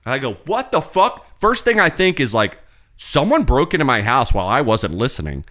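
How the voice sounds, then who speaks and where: A man spins a long, profane story on a casual podcast. His pitch leaps up and down as he tells it. His voice has a bright, sharp edge. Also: sing-song, brisk. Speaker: podcast co-host.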